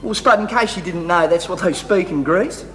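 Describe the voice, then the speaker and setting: A man's voice: sits high, moderate pace, close to an everyday voice. A man with a New Zealand accent playing a smug know-it-all mate in a TV comedy sketch. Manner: smug, matter-of-fact. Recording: distant, reverberant, faint hiss.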